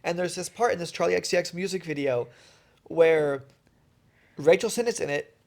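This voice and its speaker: A man's voice: on the high side, normal speed, vocal fry, darkish tone. A man co-hosting a podcast in casual chat, telling stories enthusiastically and rambling with lots of "like.". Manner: enthusiastic, rambling, heavy on "like" fillers. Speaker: podcast co-host.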